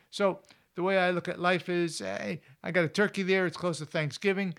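A male outdoor show host, spinning wildlife stories in a loose, chatty way full of ums and asides. His voice sits fairly high for a man, and he tells each story as though chatting with friends. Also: steady tone, moderate pace, vocal fry, a bit bright, smooth. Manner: casual, rambling with fillers. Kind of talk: anecdotal storytelling.

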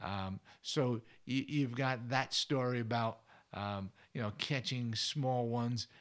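A man's voice: mid-range voice, slow pace. Brief: male fishing host, casual how-to talk, folksy storyteller, mid-range voice. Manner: chatty, folksy, tells anecdotes.

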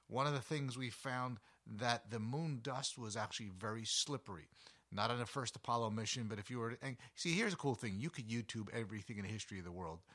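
A man with a bright, forceful voice hosts a casual science show. He talks like a playful teacher, cracking jokes, correcting himself and throwing questions at the listener. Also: medium pitch. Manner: jokey, self-correcting, lively teacher tone; asks the listener rhetorical questions. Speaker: host of an educational podcast. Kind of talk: casual educational talk.

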